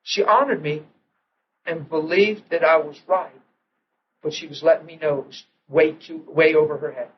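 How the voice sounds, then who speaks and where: A middle-aged male preacher telling a personal story in a sermon, acting out what people said and dropping to a hush at tense moments. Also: a little high, steady tone, moderate pace. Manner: storytelling, acts out quotes with sudden hushed drops. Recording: dull lo-fi old recording with faint hiss.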